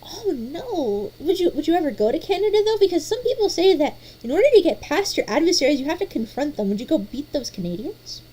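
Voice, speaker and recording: Woman, talk host, high and mellow voice, playful, stammering restarts. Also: big pitch swings, fast, few pauses. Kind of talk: casual chat.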